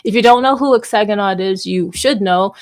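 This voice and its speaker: A woman's voice: medium pitch, fairly quick, a little mellow. A woman hosting a weekly online community talk, chatting casually and thinking aloud with a self-mocking, rambling manner. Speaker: community space host. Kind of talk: casual livestream chat.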